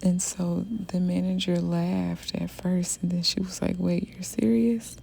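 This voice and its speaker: Young woman, mellow gravelly voice, unhurried rambling storytime chat. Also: lowish voice, completely flat delivery, a little hiss or hum. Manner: chatty, rambling, many fillers. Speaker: hairstylist telling a story. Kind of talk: casual storytime.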